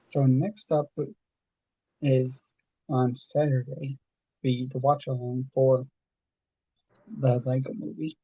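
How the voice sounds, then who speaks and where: Dark, husky laid-back livestream host. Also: male voice, medium pitch, flat delivery, takes it slowly, long pauses, dry recording, lo-fi sound. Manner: laid-back, plugs his channels. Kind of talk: casual livestream chat.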